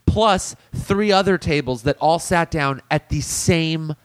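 A man co-hosting a podcast, telling long work stories in a casual, profane, lively way. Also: fairly high pitch, takes it slowly, no room sound. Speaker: podcast co-host.

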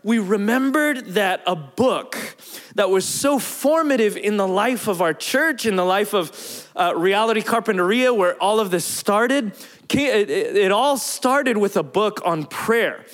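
A man preaching, telling a personal story in a lively, animated way and acting out the quotes. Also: high-pitched, measured pace. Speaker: pastor. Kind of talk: storytelling sermon.

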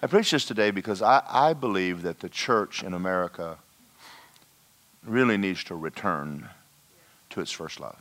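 A man preaching a sermon in a church, telling a personal story and dropping to a hushed voice for emphasis. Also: sits low, animated, normal speed, pauses often. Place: church hall.

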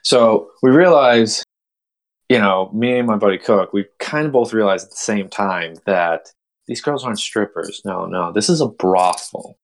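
Podcast host, young man, low voice, animated storyteller who acts out dialogue. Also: a little slow. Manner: animated, acts out quotes with big pitch jumps. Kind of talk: casual storytelling.

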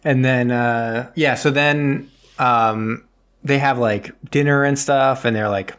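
A man's voice: mid-range voice, steady tone, takes it slowly, a bit bright, smooth. A man in casual chat, rambling through a movie plot and acting out the characters' lines. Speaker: podcast co-host.

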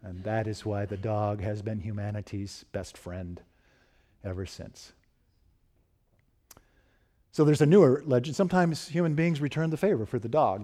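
Low, mellow-voiced male preacher telling a story. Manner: storytelling, acting out the dialogue; slow and solemn when quoting poetry and blessing. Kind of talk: sermon storytelling.

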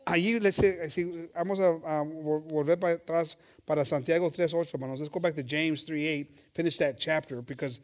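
A male pastor preaching a bilingual sermon, reading scripture slowly and then building to shouts, switching between English and Spanish and addressing the congregation as brothers. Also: on the high side, steady tone. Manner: acts out gossiping voices.

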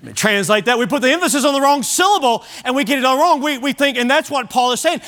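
A man's voice: very high voice, animated, quick pace, few pauses, fairly bright tone. A man preaching a sermon at a church service, emphatic and repeating key phrases for weight.

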